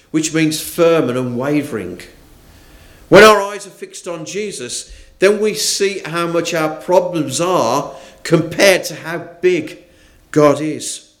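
A man preaching a morning sermon, reading scripture and speaking with deliberate emphasis. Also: a little high, fairly bright tone. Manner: slow, deliberate, with rising and falling emphasis.

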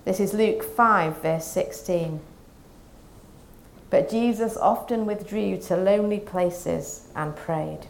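A woman preaching a Lent sermon, reading scripture and reflecting in a calm, measured way. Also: mid-range voice, creaky, a little hiss or hum.

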